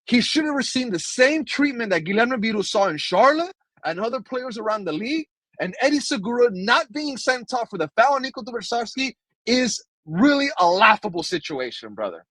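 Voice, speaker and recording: A man's voice: extremely high pitch, big pitch swings, a little fast, fairly bright tone, dry recording, low-quality recording. A man co-hosting a soccer podcast, emphatic and fired-up, often calling his co-host brother. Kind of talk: passionate soccer podcast commentary.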